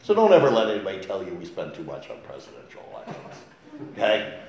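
A man preaching a sermon as pastor, telling folksy stories with an animated delivery. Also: sits low, quick pace, vocal fry. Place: church sanctuary. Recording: very echoey church hall.

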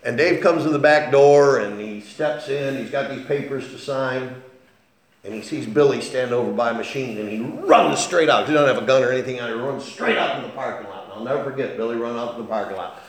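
A man preaching a sermon as pastor, telling folksy stories with an animated delivery. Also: mid-range voice, a little fast. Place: church sanctuary. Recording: very echoey church hall.

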